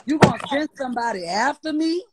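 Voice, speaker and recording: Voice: sits high, expressive, a little fast, heavy background noise. A guest with a New Orleans accent ranting on a live stream, profane, defiant and mocking, repeating insults. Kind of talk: heated live-stream rant.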